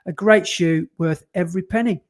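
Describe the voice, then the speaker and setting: Male co-host, bright high voice, laughs easily while reading listener mail. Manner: animated and quick to laugh. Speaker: podcast co-host. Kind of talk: casual chat, reading listener emails aloud.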